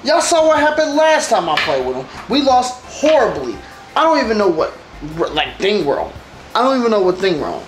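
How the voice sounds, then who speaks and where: Woman streamer, chatty gameplay commentary, lively swooping pitch, echoey room, faint music behind. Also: fairly quick. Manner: animated, talks straight to viewers. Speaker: gaming streamer. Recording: roomy echo with faint background music.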